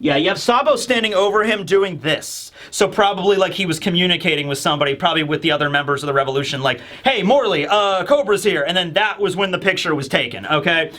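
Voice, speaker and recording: A man with a high, bright voice chatting through a manga chapter review. He rambles with lots of fillers and bursts of animation. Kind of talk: casual commentary.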